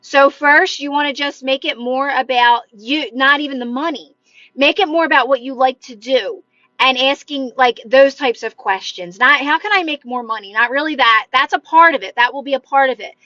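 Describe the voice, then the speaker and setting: Bright high-voiced woman on a livestream. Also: normal speed, no echo, dull audio. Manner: chatty and encouraging, many "like" fillers, talks with her hands. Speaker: manifestation coach hosting a livestream. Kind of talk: casual livestream chat answering viewer comments. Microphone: phone livestream mic.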